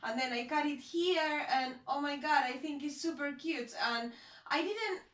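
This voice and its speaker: A chatty sewing vlogger guides her viewers through a project in a casual how-to, rambling and frequently hesitating as she searches for words. Her voice is bright and a bit high, and the room has a noticeable echo.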